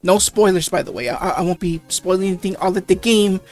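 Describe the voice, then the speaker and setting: A let's play host giving casual commentary between game lines, halting and restarting often. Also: mid-range voice, a little mellow, faint music behind. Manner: halting, many restarts and stammers.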